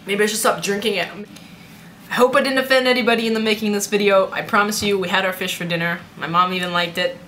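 A woman's voice: medium pitch, steady tone, fast, pushed and bright, close to an everyday voice. A young woman vlogger chatting casually while putting on a joking Southern US accent, playful and rambling. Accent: put-on Southern US. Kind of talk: casual vlog chat. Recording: echoey room with background noise.

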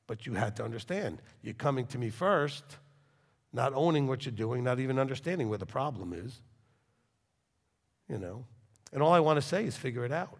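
A man, a rabbi, preaching to a congregation with intense swings from loud forceful bursts to quiet low talk. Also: animated, moderate pace, gravelly, long pauses, husky, big-room sound. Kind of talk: sermon.

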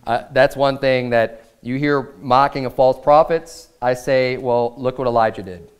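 A man pastor preaching a sermon in a church, reading scripture in a measured cadence and swelling into raised, emphatic passages. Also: medium pitch, smooth. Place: church sanctuary.

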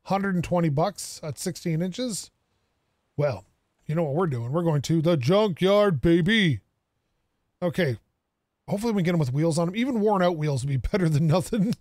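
A man's voice: a little high, expressive, a little fast, mellow, no room sound, clean studio sound. Chatty man narrating his gameplay. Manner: chatty, thinks aloud, jokes with game characters. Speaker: gaming streamer. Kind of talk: casual gameplay commentary.

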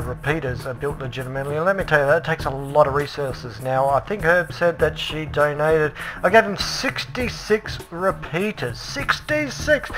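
A man casually commentating a tour of a Minecraft build, chatty and excitable, with frequent ums and restarts. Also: fairly high pitch. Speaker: Minecraft let's play host.

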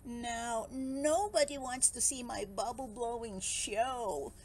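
A woman's voice: high-pitched, lively intonation, slow, darkish tone, slight background noise, exaggerated voice. A woman voicing a sulky little male pufferfish in a read-aloud storybook, glum and sighing.

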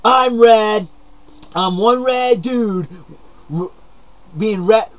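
A young man putting on a hyper, upbeat surfer-dude character with a mullet, talking to camera in an excitable, shouty comedic monologue full of slang. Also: high voice, drawn-out words. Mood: excited.

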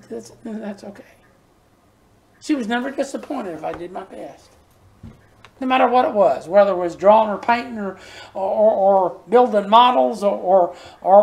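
A man's voice: sits high, creaky. Folksy older male preacher. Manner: folksy storytelling, repeats words when stressing a point. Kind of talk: sermon.

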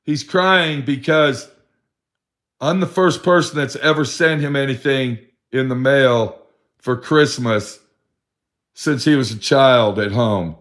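A man's voice: mid-range voice, takes it slowly, fairly bright tone. A middle-aged man telling a sad personal story in a rambling, profane way. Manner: profane, rambling, acts out his friend's voice in quotes. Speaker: vlogger telling a story about a friend.

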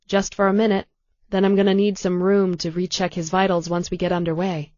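A woman reading an audiobook voices a male paramedic, speaking in a brisk, practical way. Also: fairly low pitch, level tone, a little mellow, dry recording, dull audio, close to an everyday voice. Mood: businesslike.

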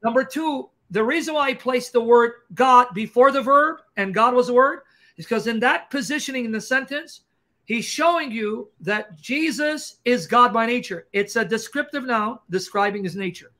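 A man hosting a livestream Q&A and explaining grammar point by point in a fast, emphatic, combative lecturing style. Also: extremely high pitch, bright, forceful tone. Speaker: Christian apologist host. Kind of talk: livestream teaching Q&A.

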